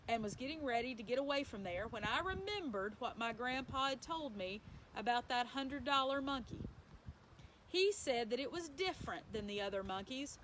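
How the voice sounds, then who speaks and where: A woman's voice: high-pitched, fairly bright tone, a little hiss or hum, low-quality recording. A woman reading a children's novel aloud as a bedtime story, in a plain storytelling manner with small slips and self-corrections. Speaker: story reader.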